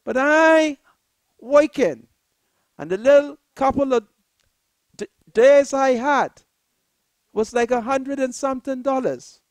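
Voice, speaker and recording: A Bahamian woman hosting a political talk show, giving an impassioned monologue in a preacherly way that rises to shouted appeals. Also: high voice, slow pace, long pauses, dry recording. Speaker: political commentator, show host.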